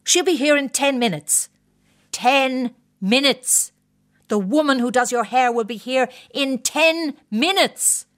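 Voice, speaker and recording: A woman's voice: high-pitched, fairly bright tone, pitched above the performer's own voice. A woman playing a bellowing old military man. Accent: plummy English. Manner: bellowing, emphatic, slow commands. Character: blustering retired military man, old, exasperated.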